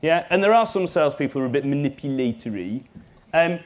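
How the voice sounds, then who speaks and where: A man giving a live workshop talk as a business trainer, lively and jokey, speaking straight to his audience. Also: a little high, quick pace, muffled recording.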